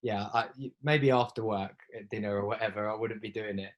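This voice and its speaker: A man's voice: fairly low pitch, fairly even intonation, fairly quick, highs cut off. Easygoing young man, hesitant interview chat. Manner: easygoing, hesitant, many fillers and restarts. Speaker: actor, interviewee.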